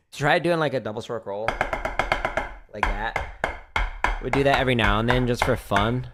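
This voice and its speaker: A man's voice: mid-range voice, a little slow, loud music behind the voice. A man hosting a casual livestream Q&A from his home drum studio, explaining rudiments between practice runs and laughing easily. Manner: relaxed, laughs often, hums drum patterns. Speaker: drumming teacher streaming practice.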